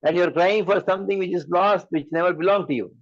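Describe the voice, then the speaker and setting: This high-pitched man talks fast, giving a sermon as a spiritual teacher with an Indian English accent and pushing his point with repeated rhetorical questions. The lo-fi recording has no room sound.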